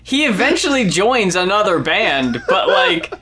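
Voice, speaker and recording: A man's voice: high voice, very animated, measured pace, bright, forceful tone. A man co-hosting a casual album review podcast, explaining the background and stumbling over his words. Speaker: podcast co-host.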